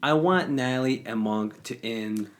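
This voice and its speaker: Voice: medium pitch, unhurried. A guest co-host in casual podcast chat, speaking hesitantly and repeating words at the start.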